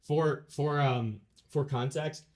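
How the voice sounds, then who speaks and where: A man's voice: fairly high pitch, steady tone, takes it slowly, a little mellow. A man hosting a casual stream, chatting with friends and rambling through his stories with restarts. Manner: rambling, self-interrupting storyteller. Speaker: streamer host.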